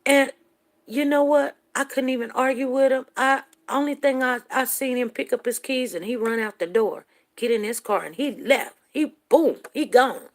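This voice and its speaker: An older woman, telling a personal story in a rambling, emotional way that rises to near shouting at tense moments. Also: high voice, moderate pace.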